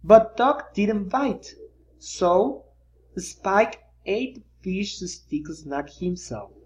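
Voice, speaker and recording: A reader narrating a children's picture book aloud, with lively storytelling and pointing asides. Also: mid-range voice, extremely slow.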